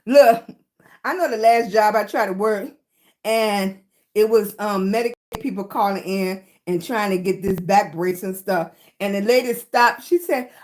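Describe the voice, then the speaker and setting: A woman's voice: mid-range voice, lively intonation, moderate pace. A middle-aged woman chatting casually with her livestream viewers, short of breath, laughing often and greeting people by name. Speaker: livestream host.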